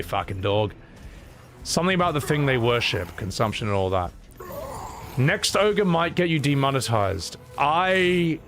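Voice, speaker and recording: An excitable man chats through a live stream, swearing freely and laughing often as he reads out viewers' messages. His voice leaps around in pitch and carries a gravelly edge. Faint music plays underneath. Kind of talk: casual live-stream chat.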